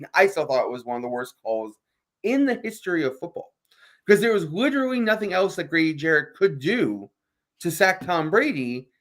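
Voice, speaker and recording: Fast-talking man ranting on sports radio. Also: on the high side. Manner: animated, emphatic ranting with frequent restarts. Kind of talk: casual sports talk.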